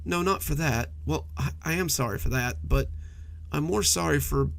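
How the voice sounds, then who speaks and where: A man's voice: fairly high pitch, moderate pace, vocal fry, a bit bright. A man voicing a frightened little monster hiding under a child's bed, stammering and pleading. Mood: apologetic.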